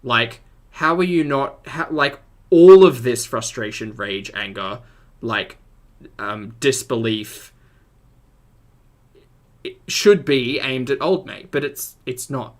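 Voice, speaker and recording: A man's voice: medium pitch, takes it slowly, long pauses. A man giving casual, exasperated reaction commentary as a streamer. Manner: animated, exasperated, chatty.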